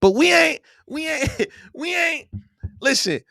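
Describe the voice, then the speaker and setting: Loud, animated man ranting on a live stream. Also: extremely high pitch, takes it slowly, no echo, studio quality. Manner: loud, profane, animated, yelling at times. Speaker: podcast host. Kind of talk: heated live-stream rant.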